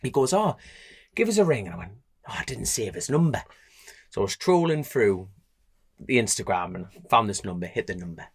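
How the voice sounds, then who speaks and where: A young Geordie man tells a racing story on a podcast, his pitch jumping up and down as he plays every part. He laughs through it, loose and chatty. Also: brisk, breathy edge. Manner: animated storyteller, acts out voices, laughs often. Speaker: podcast co-host, road racer. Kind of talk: casual chat, storytelling.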